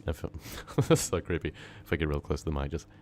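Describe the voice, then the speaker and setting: A man's voice: extremely low pitch, steady tone, fast, darkish tone, slight background noise. A man chatting casually on a live stream into his microphone, rambling and humming to himself. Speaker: horror story narrator and live streamer.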